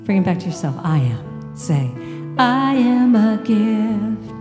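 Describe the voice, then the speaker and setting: A woman speaking as a guest to a church congregation, warmly leading them in call-and-response affirmations. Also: medium pitch, big pitch swings, slow. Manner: warm, encouraging, call-and-response. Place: church sanctuary. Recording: reverberant hall with live music.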